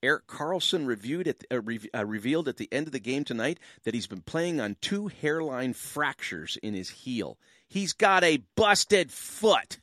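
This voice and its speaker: A Canadian man hosting a late-night call-in radio show and chatting away as a pastor. His pitch leaps up and down as he jokes and rambles through asides. The studio sound is dry and close to the mic. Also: very animated, normal speed, a bit bright, no room sound.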